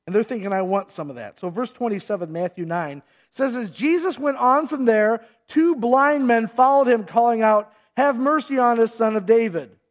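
A man's voice: extremely high pitch, normal speed. A middle-aged man preaching a sermon, telling the story with energy and acting out the people in it. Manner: animated storytelling, acting out voices and shouts. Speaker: pastor.

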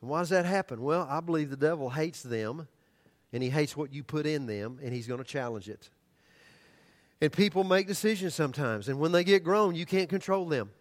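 Older preacher telling a sermon story. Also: male voice, on the high side, brisk. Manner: animated storytelling that drops to hushed, earnest tones.

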